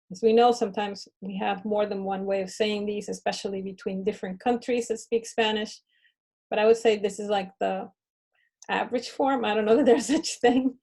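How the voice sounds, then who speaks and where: A woman teaching a Spanish lesson to children, switching between English and Spanish and modeling words slowly and clearly for the class to repeat. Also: medium pitch, a little mellow.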